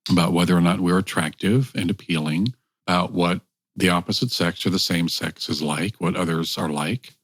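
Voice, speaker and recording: A man's voice: low-pitched, normal speed, breathy edge, dry recording, studio quality. A man co-hosting a casual podcast chat, joking around and rambling with restarts. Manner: joking, rambling, self-interrupting. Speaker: podcast co-host.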